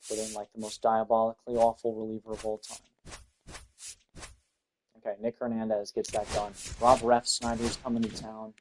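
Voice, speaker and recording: A man's voice: on the low side, monotone, normal speed, a little mellow, a little hiss or hum, low-quality recording. A young man thinking aloud in casual, blunt commentary while playing a baseball game. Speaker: gaming channel host.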